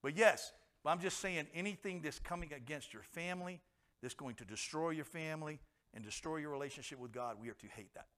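Middle-aged guy preaching, pretty high voice, chatty, throws questions at the crowd. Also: a little fast, a bit bright. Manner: conversational, acts out quoted voices, asks the congregation questions. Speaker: pastor. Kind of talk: sermon.

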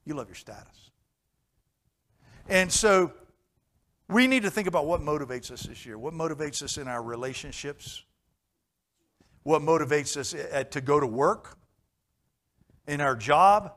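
A man's voice: fairly high pitch, expressive, moderate pace, pauses often, a bit bright. A man preaching a conversational sermon, telling stories and putting questions to the listeners in an earnest way.

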